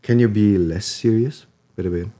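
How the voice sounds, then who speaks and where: A man's voice: fairly low pitch, moderate pace, dark tone. A man co-hosting a podcast in easygoing, casual chat. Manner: easygoing, laughs, switches into Tagalog. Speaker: podcast co-host.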